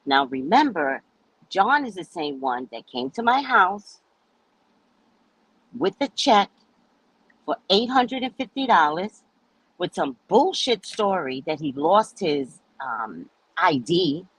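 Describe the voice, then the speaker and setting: A woman host telling her viewers a story in a casual, animated way, cursing freely and acting out what people said. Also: lowish voice, takes it slowly, breathy edge, no room sound, low-quality recording. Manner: animated, profane, acts out quoted people. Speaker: psychic reader and host.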